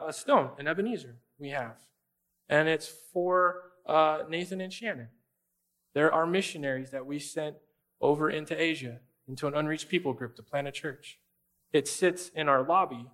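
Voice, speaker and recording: A man's voice: on the high side, fairly bright tone. Emphatic, conversational male pastor. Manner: conversational, emphatic, addresses listeners directly. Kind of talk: sermon.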